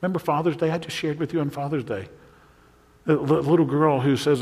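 A male pastor preaching a sermon with animation, moving between quiet, low passages and loud exclamations. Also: a little fast. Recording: long reverb of a large hall.

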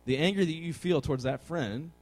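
Animated youth pastor preaching. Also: male voice, on the high side, a little fast. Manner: animated storytelling, conversational. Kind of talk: sermon.

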